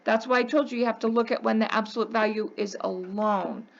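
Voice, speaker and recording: A woman's voice: a little high, fairly even intonation, brisk, vocal fry, muffled recording. Emphatic woman teaching a math class. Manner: emphatic, coaxing, checks in with "okay?". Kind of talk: classroom lecture.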